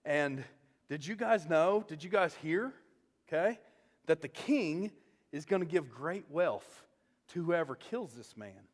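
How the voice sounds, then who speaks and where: A man voicing soldiers who excitedly pass along rumors. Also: fairly high pitch, a little slow, in a large hall. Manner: excited, gossipy. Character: gossiping soldiers.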